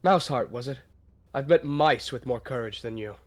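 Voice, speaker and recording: A man voicing a cold, contemptuous adult tom cat who lurks in a dark dream forest, speaking with quiet menace. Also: mid-range voice, moderate pace, no echo, close to an everyday voice. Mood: scornful. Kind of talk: online role-play voice acting.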